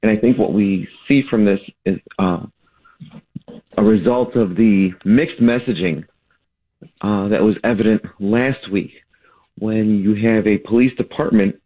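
Low-voiced man on a tinny phone line. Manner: steady, measured, critical. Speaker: city alderman, phone-in guest. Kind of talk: political commentary interview.

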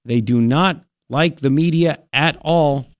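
A man's voice: a little high, slow pace, no echo, studio quality. A male talk radio host giving an emphatic, ranting political commentary.

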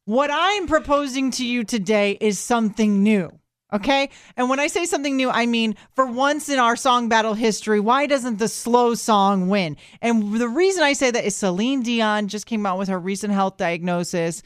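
A woman's voice: on the high side, normal speed, clear, resonant tone, no echo. A woman co-hosting a morning radio show with playful, dramatic, teasing banter, speaking into a studio mic. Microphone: studio microphone.

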